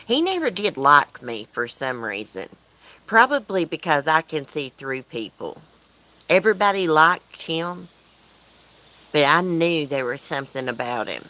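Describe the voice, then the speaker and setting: A woman's voice: low-pitched, very animated, measured pace, sharp tone, rough recording. A woman with a Southern US accent, hosting a casual livestream from outdoors at home, rambling and answering viewers' comments aloud. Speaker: livestream host.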